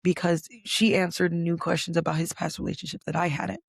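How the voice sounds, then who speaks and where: A woman's voice: lowish voice, level tone, fairly quick, vocal fry, slightly rough, no echo, studio quality. A young adult woman hosting a podcast, telling a personal story in a candid, conversational way with frequent fillers and the odd swear word. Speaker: podcast host.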